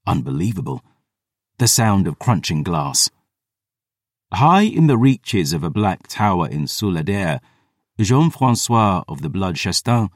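Intense, low-voiced male narrator. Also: no echo, clean studio sound. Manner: measured and intense, with slow emphatic beats. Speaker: audiobook narrator. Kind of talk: dramatic audiobook narration.

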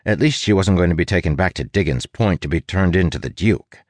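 A man's voice: low voice, fairly quick, a little mellow, dry recording. A man narrating an audiobook with wry, playful asides. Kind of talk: scripted narration.

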